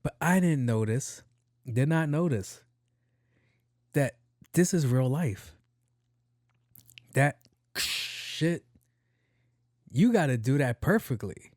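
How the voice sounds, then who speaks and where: Profane, animated male podcast storyteller. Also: medium pitch, slow, long pauses, dry recording, clean studio sound. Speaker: podcast host. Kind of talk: casual storytelling monologue.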